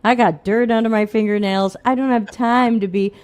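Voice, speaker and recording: A woman's voice: fairly high pitch, steady tone, normal speed, a little mellow. A middle-aged woman hosting a casual live Q&A stream, chatty and self-deprecating, laughing often. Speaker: livestream host. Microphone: desk microphone.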